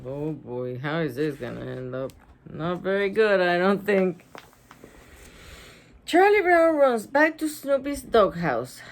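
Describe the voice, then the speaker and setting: A woman's voice: on the low side, animated, takes it slowly. A young woman reading a storybook aloud, with giggly, chatty asides. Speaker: storybook reader. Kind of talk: casual read-aloud with commentary.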